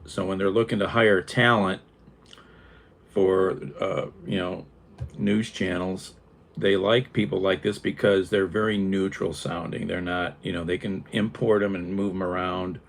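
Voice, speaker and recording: An older man from Northeast Ohio with a flat Northeast Ohio accent, chatting casually with live viewers, wry and sarcastic, chuckling as he rambles. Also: deep voice, unhurried, creaky. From Northeast Ohio, USA.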